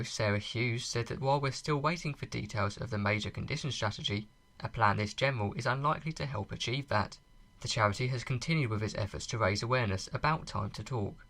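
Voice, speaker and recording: A man reporter reading a measured, scripted news voice-over. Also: mid-range voice, fairly bright tone.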